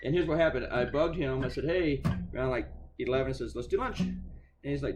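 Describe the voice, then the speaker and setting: While he draws, a cartoonist rambles on in a medium-pitched, brisk voice over background noise. He's chatty and sarcastic, swears freely, and keeps restarting his sentences.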